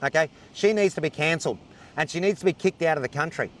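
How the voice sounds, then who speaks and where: A man's voice: fairly high pitch, fast, fairly bright tone. Furious swearing Australian man. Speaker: ranting video poster. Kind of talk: angry rant to camera.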